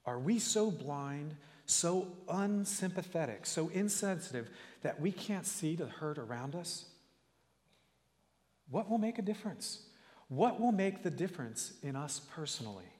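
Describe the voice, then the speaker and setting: A male preacher giving a sermon in a church, telling stories in an earnest, measured way and building to rising calls to his listeners. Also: a little high, lively intonation, a little mellow, in a large hall.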